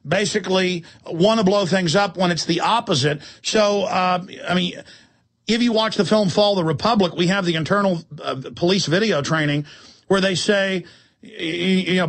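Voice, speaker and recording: High-voiced ranting talk radio host. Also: male voice. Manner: forceful, ranting, acts out quoted exchanges.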